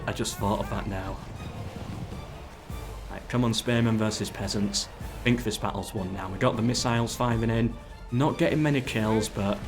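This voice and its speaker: A man casually commenting while playing a strategy game live, ordering his troops and chatting with viewers. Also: on the low side. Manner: chatty, gives orders to troops, talks to chat. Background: game music.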